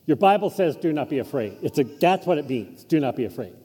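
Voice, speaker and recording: Lively, high-voiced pastor preaching in a reverberant church. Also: male voice, a little fast, slightly rough. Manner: informal, chuckling asides, animated intonation. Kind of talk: conversational sermon. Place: church sanctuary.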